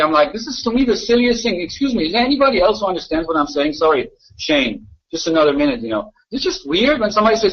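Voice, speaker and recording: A man's voice: high-pitched, expressive, fast. A man ranting argumentatively in a live voice chat room, repeating himself and mocking others. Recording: dull lo-fi voice chat audio.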